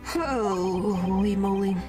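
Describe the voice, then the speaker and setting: A young adult woman streamer chatting casually over gameplay, playful and quick to indignation. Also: mid-range voice, music in the background.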